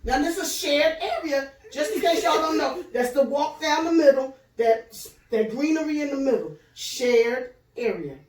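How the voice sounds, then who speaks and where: A woman hosting a casual chat show, telling an animated, profane story and laughing through it. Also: high-pitched, normal speed, hardly any pauses, echoey room, far from the mic, a little hiss or hum. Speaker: show host.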